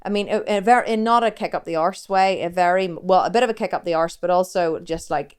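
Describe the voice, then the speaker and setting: A woman's voice: fairly low pitch, fast talker, few pauses, clean tone. A woman talks candidly in a personal vlog, rambling and interrupting herself as she tells her story. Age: 40s. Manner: rambling, confessional, self-interrupting. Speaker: fitness coach and vlogger.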